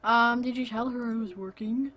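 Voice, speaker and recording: A woman voicing a gloomy young man, a loner coder who talks in a flat, unbothered mumble. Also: fairly high pitch, moderate pace, slight background noise, natural voice.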